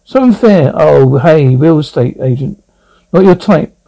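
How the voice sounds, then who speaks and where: A man's voice: fairly high pitch, expressive, creaky, dark tone, heavily acted, low-quality recording. A man voicing a chatty, wisecracking young male lawyer friend in an amateur audio drama. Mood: teasing. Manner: wisecracking, rapid teasing.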